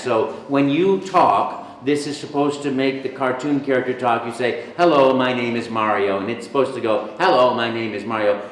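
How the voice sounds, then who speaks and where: A man in an interview at a convention, telling stories in an animated, jokey way. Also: mid-range voice, reverberant. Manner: animated, jokey storyteller, breaks into voices. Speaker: voice actor, interview guest. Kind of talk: casual storytelling interview. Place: convention venue.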